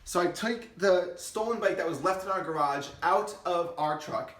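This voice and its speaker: A young man with a slightly high voice tells a story in an animated, excitable way, swearing freely. The sound is roomy, with noticeable echo around him. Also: normal speed. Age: young adult. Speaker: vlogger and insurance agency owner. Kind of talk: casual storytelling to camera.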